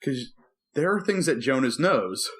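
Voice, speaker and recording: A man's voice: mid-range voice, a little slow. A man co-hosting a podcast, a preacher telling a story in casual chat and acting out the quotes as he goes. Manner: animated storyteller who acts out quotes and sings movie lines.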